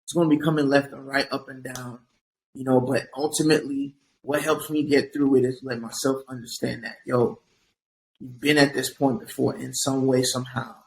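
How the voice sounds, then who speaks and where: A young man talks through his advice in an earnest, reflective way, often restarting his sentences with repeated words. His voice has a gravelly edge and sits at a middle pitch for a man. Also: little pitch movement, moderate pace, a little hiss or hum, poor audio. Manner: reflective, repeats words when starting thoughts. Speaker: physician guest.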